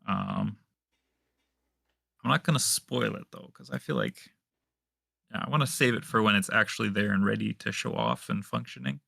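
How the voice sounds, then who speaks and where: A man from Manitoba, Canada, answering interview questions as a guest modder in a relaxed way, with many pauses and fillers. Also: lowish voice, gravelly, husky, no room sound, studio quality.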